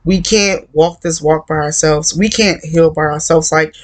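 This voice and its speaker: Guy doing a faith talk to camera, kinda high voice, pretty monotone, keeps saying like and you know. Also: measured pace. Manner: earnest, repetitive, conversational with many "like" and "you know". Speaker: Christian encourager.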